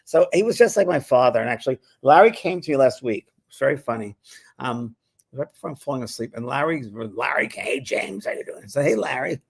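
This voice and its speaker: A spiritual medium and show host with a gravelly, husky, mid-pitched voice talks fast in a relaxed chat. He tells anecdotes, acts out the voices of people he quotes, and laughs often.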